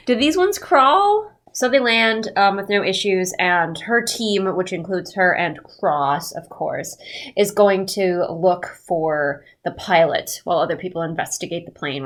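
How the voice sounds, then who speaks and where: A congested woman giving a sarcastic recap of a novel, mocking the characters in put-on voices. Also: fairly low pitch. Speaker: book reviewer. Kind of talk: sarcastic book recap commentary.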